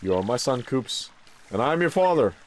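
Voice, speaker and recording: A man voicing an older turtle father, slow, soft and fatherly. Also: mid-range voice, very animated, close to an everyday voice. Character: older male turtle father, calm and proud. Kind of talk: voicing game dialogue during a playthrough.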